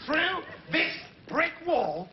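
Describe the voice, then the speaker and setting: A pompous shouting stunt showman. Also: very high-pitched, big pitch swings, drawn-out words, full character voice. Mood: grandiose. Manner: shouting to the audience like a ringmaster. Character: pompous male stunt showman, boastful and bossy. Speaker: comic stunt presenter. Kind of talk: live sketch comedy. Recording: dull lo-fi 1980s TV broadcast with hiss.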